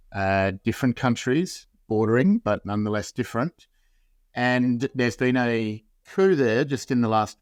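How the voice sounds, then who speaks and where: Low-voiced man, measured analyst. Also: no room sound, studio quality. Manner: measured, builds points in long qualified clauses. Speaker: interview guest.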